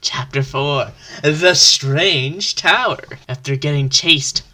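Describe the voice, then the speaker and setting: A young woman hosting a podcast, reading her old childhood story aloud in a mostly flat, monotone way. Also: deep voice, slow.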